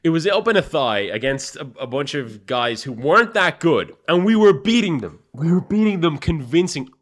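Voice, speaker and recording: A young man with an Irish accent, a chess streamer casually telling a story to his live chat in a profane, animated way. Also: on the high side, normal speed, hardly any pauses. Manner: profane, animated, swings between loud and mumbled.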